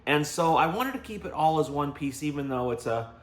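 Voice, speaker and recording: A man's voice: on the high side, animated, a little fast. A man hosting a casual gardening show, chatty and joking, asking his guest follow-up questions. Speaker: show host. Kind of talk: casual podcast chat. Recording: echoey room.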